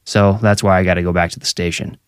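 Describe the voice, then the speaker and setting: A man's voice: low-pitched, little pitch movement, fast talker, smooth, no room sound, clean studio sound, natural voice. A man playing a skinny young fake police officer, curt and officious with a menacing edge. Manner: curt, officious, hesitant when pressed.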